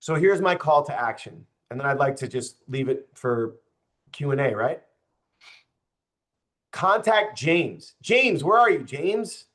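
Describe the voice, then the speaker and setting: A man's voice: mid-range voice, expressive, a little slow, pauses often, fairly bright tone. A young man, a political candidate, speaking passionately and with open frustration to a group, addressing the audience directly. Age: young adult. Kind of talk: campaign speech to a group.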